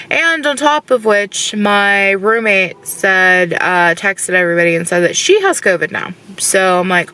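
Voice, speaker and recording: A woman vlogging from her car in a casual, frustrated rant, rambling and filling every pause with "like". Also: mid-range voice, bright, forceful tone, low-quality recording. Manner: frustrated, rambling, says "like" constantly.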